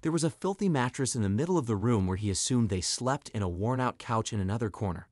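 Brief: male storytime narrator, animated pitch, dramatic and expressive, dry recording. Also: fast, dry recording.

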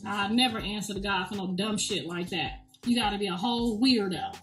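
A woman's voice: medium pitch, steady tone, a little fast, a bit bright. A middle-aged woman hosting a casual livestream chat, blunt and profane, laughing often. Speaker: show host. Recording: echoey room, distant mic, faint music.

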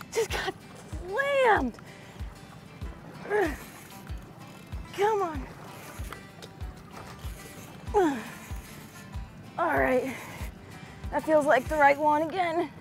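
A young woman vlogging from a fishing boat outdoors, chatting casually and bursting into excited shouts. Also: extremely high pitch, very slow, pauses often, faint music behind. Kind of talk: casual vlog commentary.

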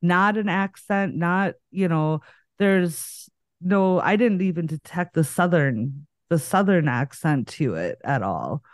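A woman's voice: lowish voice, lively intonation, slow pace, dry recording. Podcast host, woman, light Minnesota accent, rambling storyteller, dry close sound. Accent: slight Minnesota. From northern Minnesota. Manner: chatty, rambling storyteller who laughs often. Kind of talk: casual chat.

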